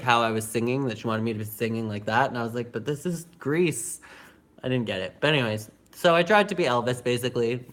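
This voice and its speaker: A young man casually telling a story on a livestream, chatty and animated, with lots of filler words and laughter. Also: medium pitch. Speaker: vlogger.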